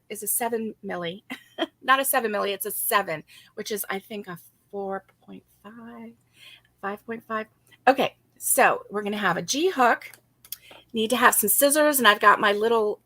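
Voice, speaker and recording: A woman's voice: on the high side, a bit bright, dry recording. A woman co-hosting a casual crochet-along, chatty and giggly as she greets viewers by name. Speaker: crochet co-host.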